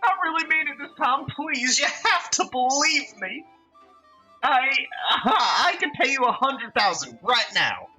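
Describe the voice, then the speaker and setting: A man reading a visual novel aloud, voicing a panicky middle-aged man who begs frantically in a shrill voice. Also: sing-song, a little fast, pauses often, pushed and bright, slightly rough, soft background music, exaggerated voice, poor audio. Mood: panicked.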